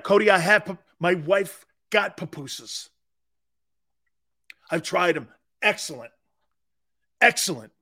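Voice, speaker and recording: A man hosting a sports talk show, chatting casually, joking and laughing as he answers viewers' comments. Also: high voice. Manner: joking, laughing, wide swings in loudness. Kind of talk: casual chat, reading live chat.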